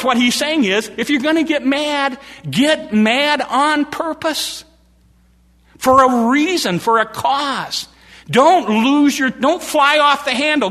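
Male preacher, bright high voice, emphatic repeats, sermon in a reverberant church hall.

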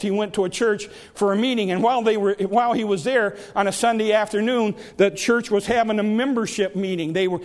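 A man's voice: high-pitched, big-room sound. A man preaching a sermon and telling a story, often repeating words and restarting sentences.

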